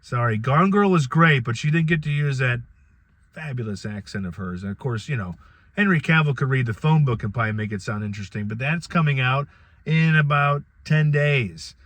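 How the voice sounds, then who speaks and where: A middle-aged man talks through a casual solo podcast at an everyday, mid-range pitch. He rambles in a loose, conversational way and often restarts his sentences. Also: animated, moderate pace, a bit bright. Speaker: podcast host.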